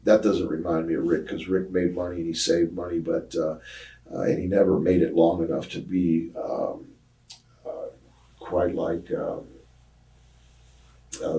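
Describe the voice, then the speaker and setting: Deep-voiced older man telling wrestling stories. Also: dark tone, distant mic, rough recording. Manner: rambling anecdotes with many fillers, acting out quoted voices. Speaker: retired pro wrestler, interview guest. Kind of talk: casual storytelling interview.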